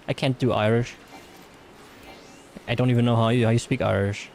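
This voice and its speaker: A man's voice: medium pitch, steady tone, moderate pace, vocal fry, long pauses, a little mellow, slight background noise. A man with a German accent chatting casually through a game livestream, rambling with fillers and reading chat messages aloud. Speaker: streamer.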